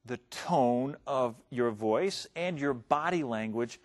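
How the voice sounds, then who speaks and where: A man hosting a program, welcoming listeners back in a measured delivery. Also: medium pitch, animated. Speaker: host. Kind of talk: presenting to listeners.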